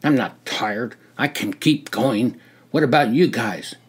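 A man voicing an eager, kind young male army trainee who speaks softly. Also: mid-range voice, unhurried, breathy edge. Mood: earnest. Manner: kind, soft-spoken.

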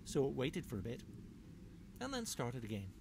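A children's author, a man, reading his storybook aloud in a lively, rhythmic, playful way. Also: medium pitch, moderate pace, gravelly, background noise. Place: home.

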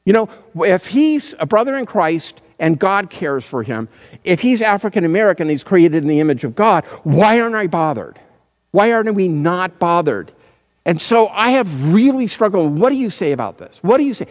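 Male pastor, lively earnest sermon delivery, slightly high voice, church reverb. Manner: earnest, searching, slows down for emphasis.

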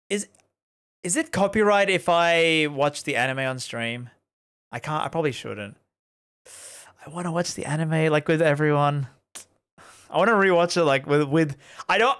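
A man's voice: a little high, fairly bright tone, clear, resonant tone. A man streaming a visual novel, chatting casually with his viewers, rambling and laughing often. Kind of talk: casual live-stream chat while playing a visual novel.

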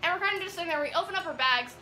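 A high-voiced teenage girl rambles giddily through a vlog story, packing her sentences with "like". Her tone is bright and sharp. The room rings with echo, and faint music plays behind her. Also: lively intonation, rapid-fire, slight background noise. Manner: giddy, rambling with many "like"s. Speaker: vlogger. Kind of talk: excited storytime chat.

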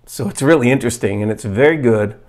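A man of middling pitch talks straight to camera in an earnest, plain-spoken way. He shows how to prepare a fermented food and stops often on "uh" and "um". When he reads a study aloud, his delivery turns halting. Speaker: health vlogger. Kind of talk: casual demonstration to camera.

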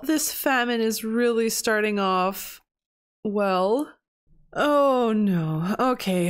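A young woman talks through a life-simulation game in a slightly high, conversational voice, chatty and quick to react. She narrates her choices casually and bursts into disbelieving exclamations when things go wrong. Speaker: gameplay video host. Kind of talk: casual gameplay commentary.

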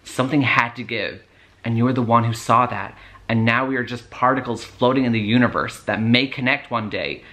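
A man voicing a drunk, rambling ex-boyfriend in a put-on American accent, speaking slowly and trying to sound deep. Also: sharp tone, lightly acted. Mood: drunk pompous. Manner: slow, rambling pseudo-deep talk.

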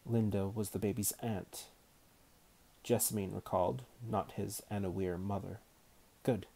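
A man reading a novel aloud as narrator in a measured, unhurried manner. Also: on the low side, steady tone, gravelly, mellow, slightly rough. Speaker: audiobook narrator.

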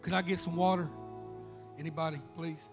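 A man preaching a sermon, telling a story and then rising into fervent shouts. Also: a little high, steady tone, brisk, music in the background. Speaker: pastor.

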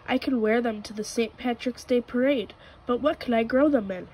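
A woman's voice: a little high, normal speed, darkish tone, a little hiss or hum, close to an everyday voice, rough recording. Woman voicing an eager little rabbit. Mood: cheerful. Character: eager, cheerful young male rabbit.

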